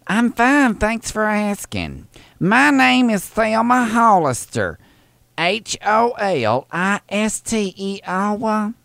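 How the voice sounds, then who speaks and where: A chatty older southern lady rambles on a prank call, as a man puts her on. She drawls slowly in a gravelly voice that swoops up and down. Her Southern accent is thick and folksy. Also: sits high, lively intonation, a bit bright, dry recording, full character voice. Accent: American Southern.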